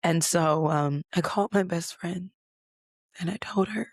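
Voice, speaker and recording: A woman's voice: on the low side, measured pace, no echo, clean studio sound. A young adult woman hosting a podcast, telling a personal story in a candid, conversational way with frequent fillers and the odd swear word. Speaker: podcast host.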